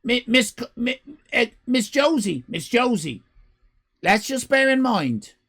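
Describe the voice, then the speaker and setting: A man hosting a live stream, grading viewers' drawings in a mock-stern, theatrical way and often breaking into shouts. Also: very high-pitched, sing-song, unhurried, slightly rough. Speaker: livestream host.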